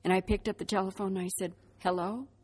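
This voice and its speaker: A middle-aged woman telling her personal faith testimony as a vivid storyteller, acting out the dialogue and dropping to a hushed voice at reflective moments. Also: medium pitch, fairly even intonation, quick pace, slightly rough. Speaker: speaker giving a faith testimony.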